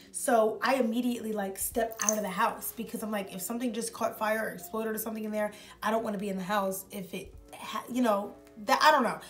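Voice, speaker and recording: A young woman vlogger telling a story in a rambling, casual way, full of filler words. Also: a little high. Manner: rambling, heavy use of filler "like".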